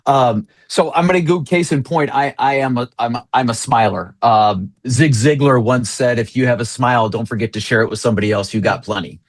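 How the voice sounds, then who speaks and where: A man's voice: medium pitch, a little fast, few pauses, no echo. Jokey storytelling male pastor, dry sound. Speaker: associate pastor. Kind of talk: interview guest storytelling.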